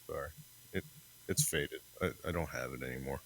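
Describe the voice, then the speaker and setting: A man's voice: very deep voice, brisk, creaky, a bit bright, breathy edge. A man in his sixties co-hosting a podcast, chatting casually with crude, joking asides. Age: 60s. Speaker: podcast co-host. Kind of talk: casual chat.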